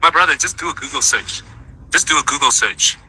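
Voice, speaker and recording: A man's voice: fairly high pitch, brisk, bright, forceful tone, a little hiss or hum, low-quality recording. A man from South Africa in a heated online debate, indignant and insistent, repeating himself.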